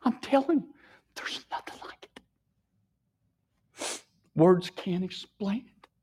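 A tearful man sharing an emotional personal testimony, often dropping his voice to a hushed whisper. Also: high voice, expressive, slow pace, slightly rough.

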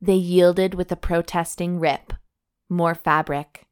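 Low-voiced woman reading a romance aloud. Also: steady tone, slow pace, darkish tone, smooth. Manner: wry, giggly, breaks into laughter. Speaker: podcast co-host reading a romance novel aloud. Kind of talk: dramatic reading mixed with casual chat.

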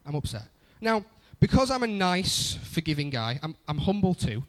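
A man's voice: high-pitched, sing-song, normal speed, a bit bright. A young adult man preaching a conversational sermon, often repeating phrases for emphasis. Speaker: pastor.

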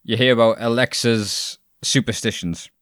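A man's voice: medium pitch, moderate pace, fairly bright tone, no echo, clean studio sound. A man co-hosting a podcast, chatting casually, joking, swearing and acting out quotes. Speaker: podcast co-host. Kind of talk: casual chat.

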